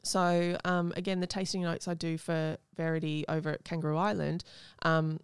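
Woman, honey taster, chatty and enthusiastic, smooth clear voice, dry close sound. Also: sits low, level tone, moderate pace, no room sound. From Australia. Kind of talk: casual podcast conversation.

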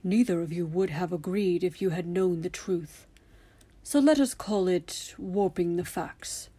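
Woman doing a soft-spoken elderly headmaster. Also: fairly low pitch, husky. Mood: mild. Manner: soft, measured, often whispered. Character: elderly male headmaster, calm, commanding, twinkly.

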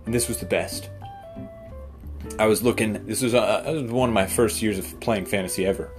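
A man's voice: on the low side, brisk, music in the background. A man hosting a casual solo podcast, telling a rambling story with chuckles and restarts. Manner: rambling, chuckling, self-interrupting. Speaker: podcast host.

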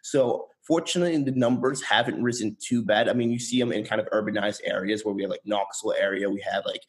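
A young man from rural East Tennessee who grew up speaking Bengali first, chatting as an interview guest in a relaxed way with lots of fillers and restarts. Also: lowish voice, fast talker. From rural East Tennessee, USA. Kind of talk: casual conversational interview.

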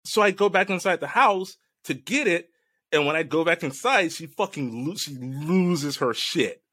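Animated, swearing man telling a story. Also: on the high side, normal speed, no echo, clean studio sound. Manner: animated storyteller, swears freely, laughs often. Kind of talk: casual chat, recounting a dream.

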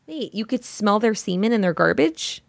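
Young woman, podcast co-host, casual giggly chat, gravelly fry, dry close mic. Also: medium pitch, expressive, normal speed, no room sound. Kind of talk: casual chat and reading a listener story. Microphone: studio mic.

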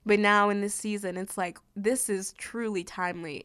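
A heartfelt, encouraging woman hosts her faith podcast alone at the mic. Her voice sits at an ordinary middle pitch. The recording is close and dry, with no room sound around her. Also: normal speed, hardly any pauses, a bit bright, clean tone, no echo. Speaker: podcast host. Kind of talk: faith-based podcast monologue. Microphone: studio microphone.

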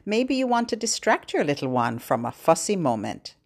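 A woman's voice: on the low side, very animated, moderate pace, vocal fry. Sing-song woman leading baby rhymes. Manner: sing-song, playful, gentle instructions to parents. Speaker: podcast host for babies. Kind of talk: singing nursery rhymes and fingerplays.

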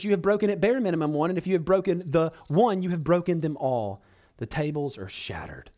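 A man pastor preaching a sermon, earnestly addressing the congregation as brothers and sisters and swinging between loud pleading and hushed low passages.

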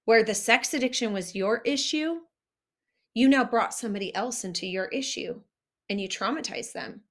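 A woman's voice: mid-range voice, a bit bright. A woman coaching couples, talking earnestly and directly to the listener about healing a marriage. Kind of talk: direct-to-camera advice talk.

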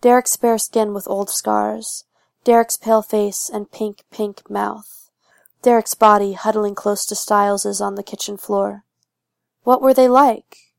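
A woman narrates a fan fiction audiobook in a steady, even voice with noticeable vocal fry. Her pitch stays level and restrained. The close mic gives a dry, intimate sound. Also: unhurried, no room sound.

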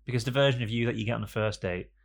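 Gravelly man rambling jokily. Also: medium pitch, racing. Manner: rambling, jokey storytelling with frequent fillers. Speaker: podcast co-host. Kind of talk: casual banter.

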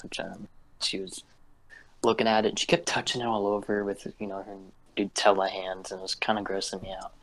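A man's voice: on the low side, little pitch movement, fairly quick, fairly bright tone, low-quality recording. A man co-hosting a casual podcast, telling a long story in a rambling, profane way and checking in with "right?" after each beat. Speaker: podcast co-host. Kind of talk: casual chat.

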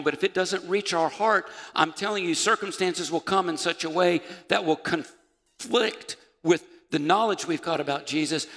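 Impassioned preacher with a bright, gravelly voice. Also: male voice, fairly high pitch. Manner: impassioned preaching, rising to shouts. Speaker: pastor. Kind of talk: sermon. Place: church sanctuary. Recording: reverberant church hall.

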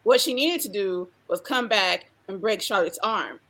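A woman's voice: mid-range voice, animated, normal speed, a bit bright. A woman co-hosting a casual wrestling chat, blunt, profane and mocking. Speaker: podcast co-host.

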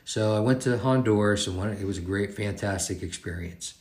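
An older man, a former teacher, telling animated stories in casual conversation. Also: a little fast, reverberant. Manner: animated storyteller, does squeaky kid voices. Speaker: guest, retired teacher. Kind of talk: casual storytelling.

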